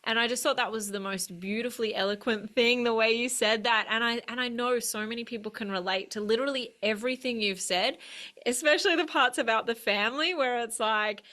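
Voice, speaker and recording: Bright, high-voiced gushing woman host. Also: brisk. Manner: gushing, effusive praise with many "like"s. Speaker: interview host. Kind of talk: casual interview chat.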